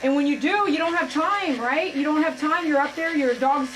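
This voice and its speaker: Woman groomer, earnest casual vlog talk, higher voice, clipper noise behind. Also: normal speed. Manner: emotional, heartfelt, says "man" often. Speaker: dog groomer. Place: grooming salon.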